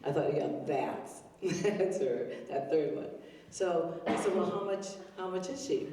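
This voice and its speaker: A woman's voice: fairly low pitch, expressive, measured pace, mellow. An older woman at an open mic, telling chatty, self-deprecating stories with lots of fillers. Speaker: stand-up comedian. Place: arts center stage, live audience. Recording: roomy hall heard from a distance.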